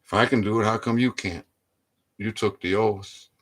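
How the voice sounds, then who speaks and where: A man delivering a preachy political rant, exhorting his listeners and often rising into loud, emphatic outbursts. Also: lowish voice, fairly even intonation, normal speed. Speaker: online commentator.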